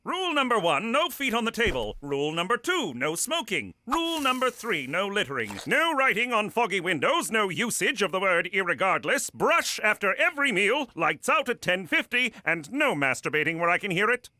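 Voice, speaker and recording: A man's voice: sits high, very animated, bright, forceful tone, heavily acted. A man doing a prissy fussy cartoon host. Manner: prissy, fastidious. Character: fussy, prim middle-aged male host with strict house rules.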